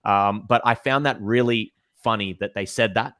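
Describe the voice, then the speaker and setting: A man with a fairly low voice recorded dry and close, co-hosting a football podcast. He tells stories with animated, half-laughing asides and acts out quotes. The tone is loose, casual chat. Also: moderate pace, no room sound. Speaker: podcast co-host.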